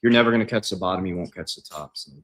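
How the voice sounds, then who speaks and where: An investing coach with a deep, low voice hosts a relaxed livestream Q&A from his home kitchen, talking at a racing pace. He's loose and conversational, often throwing in "man," and reads viewer questions aloud before answering off the cuff.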